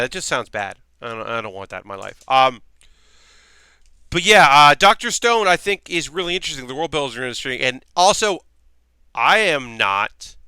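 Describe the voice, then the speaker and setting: A man's voice: medium pitch, pushed and bright, clear, resonant tone, no room sound. A man hosting a livestream, chatting loosely and profanely and answering comments from chat as he talks. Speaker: livestream host.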